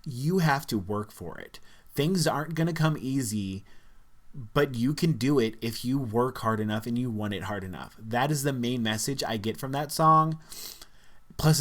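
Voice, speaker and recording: Man, casual vlog talk, earnest and reflective, mid-pitched voice. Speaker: vlogger.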